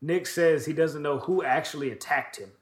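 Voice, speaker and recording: A man's voice: fairly high pitch, normal speed, reverberant. A man co-hosting a podcast, recapping wrestling in a loose, profane, rambling way with lots of fillers. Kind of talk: casual chat.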